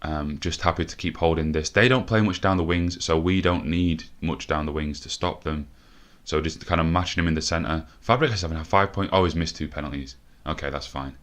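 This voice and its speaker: A young man commentating a football video game live, a bit out of breath and swearing often, shouting when the action peaks. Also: rumbling low, a little fast, hardly any pauses. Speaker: gaming commentator.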